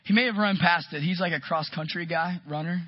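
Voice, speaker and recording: Man, pastor, sermon storytelling, husky voice, dull lo-fi recording. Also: fairly high pitch, brisk. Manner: animated storytelling, acts out quotes.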